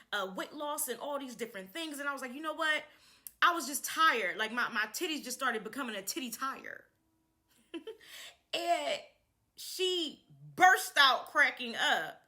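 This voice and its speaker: A young woman chatting casually to camera to introduce her channel, animated and laughing often as she repeats herself. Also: sits high, measured pace.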